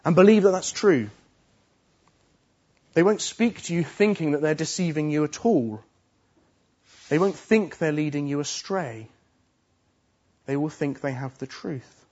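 A man's voice: on the high side, darkish tone, slightly rough, lo-fi sound. A man preaching a sermon earnestly, pressing his points home with emphatic repetition. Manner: earnest, emphatic, repeats phrases for stress.

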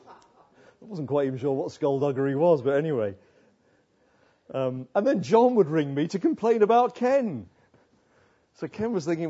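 A man's voice: on the high side, expressive, normal speed, pauses often, warm tone, breathy edge, highs cut off. An older man preaching a sermon as pastor, earnest, often asking rhetorical tag questions.

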